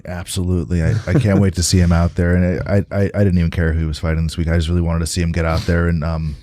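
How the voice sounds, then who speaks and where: A man with a very low, mellow voice hosts a relaxed podcast chat. He rambles a little, trips over and repeats his words, and sounds close and dry in the studio. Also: fast talker, no room sound. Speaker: podcast host. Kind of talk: casual chat.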